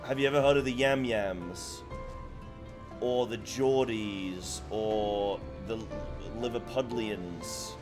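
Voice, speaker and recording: A man's voice: fairly low pitch, over music. A man chatting casually while streaming a game, rambling with many fillers and restarts. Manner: rambling, halting, lots of fillers. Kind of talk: casual live-stream chat.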